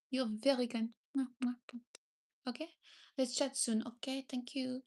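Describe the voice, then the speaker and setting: A woman's voice: high-pitched, steady tone, normal speed, gravelly, darkish tone. A woman chatting casually with her livestream viewers, hesitating as she searches for English words and signing off with friendly thanks. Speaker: livestream host.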